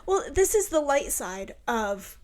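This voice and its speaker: A woman co-hosting a podcast, talking candidly and earnestly in casual chat, slowing down on heavy points. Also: high-pitched, big pitch swings, darkish tone. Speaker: podcast co-host.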